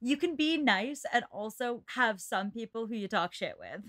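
A woman's voice: on the high side, animated, a bit bright. A young woman co-hosting a book podcast, playful and emphatic in casual chat. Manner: playful, emphatic, quick agreement. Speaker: podcast co-host.

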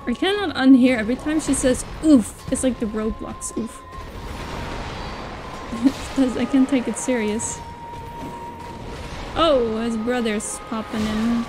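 A woman's voice: fairly high pitch, unhurried, pauses often, music in the background. A woman streamer chatting casually with viewers while she plays, laughing often. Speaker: gaming streamer. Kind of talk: casual live-stream gameplay chat.

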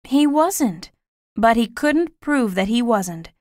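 A man voicing a gentle, sad mother in an audiobook reading, with a soft, tender manner. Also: very high voice, lively intonation, slow, no echo, clean studio sound, pitched above the performer's own voice, exaggerated voice.

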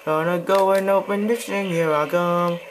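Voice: medium pitch, steady tone, moderate pace, a little hiss or hum, poor audio. A gamer giving let's play commentary, jumpy, yelping and pleading, and muttering to themselves in between.

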